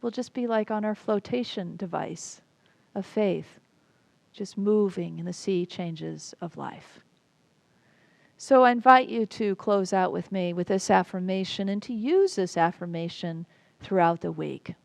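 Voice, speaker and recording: A woman minister giving a reflective sermon at an unhurried pace with pauses. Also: medium pitch, gravelly, no echo.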